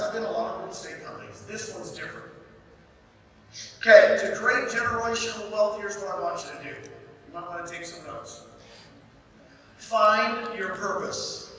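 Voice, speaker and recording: A man delivers a motivational talk from a stage, his voice bright and lively as it rises and falls through his stories. He hammers points home with repetition. The sound is distant and rings with long reverb around a large hall. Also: sits high. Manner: energetic, storytelling, emphatic repetition. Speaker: motivational speaker at a real estate event. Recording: echoey hall, mic from a distance.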